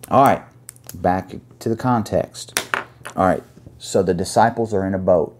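A man preaching an earnest sermon, pausing to find his place and reading scripture aloud. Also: sits low, a little hiss or hum. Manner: earnest, reads scripture aloud with pauses while finding pages.

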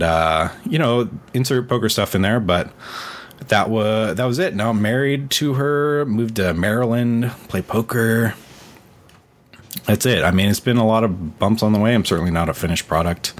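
Low-voiced man sharing an earnest story. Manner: earnest, storytelling, many fillers. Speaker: podcast co-host. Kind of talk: personal testimony, casual talk.

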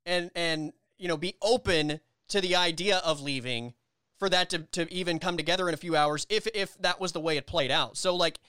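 A man's voice: fairly high pitch, normal speed, pushed and bright, clean tone, no room sound. A man co-hosting a podcast, chatting casually about college football and building long arguments with many restarts. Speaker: podcast co-host. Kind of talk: casual sports chat.

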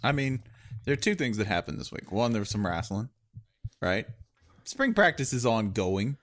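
Animated joking man, lively pitch. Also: normal speed. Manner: joking, animated, jumps into silly bits. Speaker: podcast co-host. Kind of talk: casual chat.

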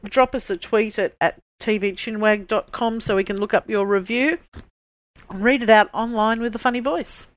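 A woman's voice: medium pitch, steady tone, moderate pace. A woman co-hosting a TV review podcast, chatting casually with plenty of ums and hesitations. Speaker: podcast co-host. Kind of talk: casual chat.

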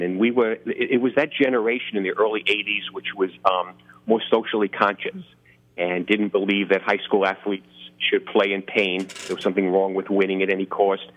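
A middle-aged man with a New York accent, talking in a fairly low voice about his novels as a guest author. He is chatty and self-deprecating and keeps restarting his phrases. The sound comes through a thin, phone-like line. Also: steady tone, fairly quick. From New York, the Bronx. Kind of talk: casual interview talk.

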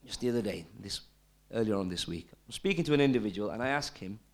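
A male preacher giving a sermon, emphatic and full of rhetorical questions, dropping to hushed tones and rising again. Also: lowish voice, expressive, fast. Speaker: Islamic preacher.

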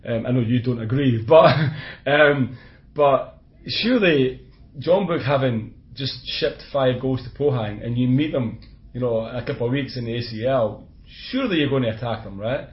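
A man's voice: mid-range voice, normal speed. Chatty Scottish man, lo-fi podcast. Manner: chatty, laughs often, blunt opinions. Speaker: podcast co-host. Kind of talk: casual football chat. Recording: dull lo-fi podcast audio.

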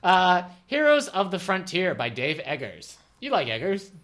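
Playful man with a lively voice. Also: sits high, normal speed. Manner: jokey, reads blurbs aloud with playful emphasis. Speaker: podcast co-host. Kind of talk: casual chat reading book blurbs.

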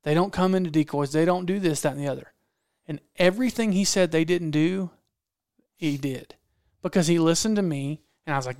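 Animated storytelling man, dry close sound. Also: fairly high pitch, fairly quick, clean tone, no echo. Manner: animated, acts out quotes, repeats phrases for effect. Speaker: podcast guest storyteller, hunting videographer. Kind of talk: casual storytelling.

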